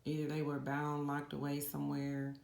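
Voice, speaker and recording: Gravelly low-voiced woman doing a card reading. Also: moderate pace. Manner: chatty, conversational, addresses viewers directly. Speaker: psychic card reader. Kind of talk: casual reading monologue to viewers. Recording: echoey room with steady background noise.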